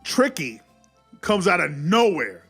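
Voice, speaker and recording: A man casually recapping a movie, animated, often acting out the characters' lines. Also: high voice, slow, husky, faint music behind. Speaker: movie reviewer.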